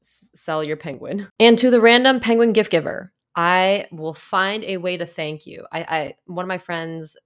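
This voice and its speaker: A woman's voice: lowish voice, normal speed, few pauses. Rambling young woman podcast host. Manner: rambling and apologetic, stumbling restarts, lots of "like". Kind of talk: casual solo podcast chat.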